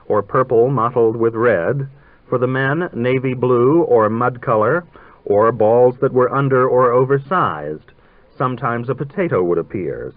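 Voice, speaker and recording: A man narrating a literary story in a measured, dryly ironic way, heard on a tinny old radio broadcast. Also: mid-range voice, no room sound.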